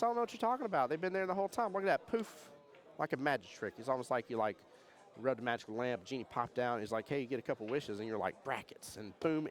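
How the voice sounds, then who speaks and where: A man giving jokey, animated live commentary on a pool tournament and reading chat comments aloud. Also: medium pitch. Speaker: pool match commentator and streamer. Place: pool hall during a tournament.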